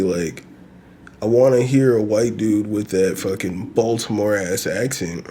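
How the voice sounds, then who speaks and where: A man's voice: mid-range voice, darkish tone. A man hosting his own podcast, talking casually and profanely in a loose, rambling way with bursts of laughter. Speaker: podcast host. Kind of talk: casual solo podcast rant.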